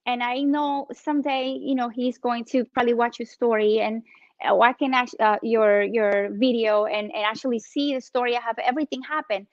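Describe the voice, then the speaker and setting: A woman in her thirties with a Spanish accent, an entrepreneur guest telling her story with animated energy in a casual interview. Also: on the high side, normal speed, no echo, muffled recording. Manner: animated, acts out phone calls in her story.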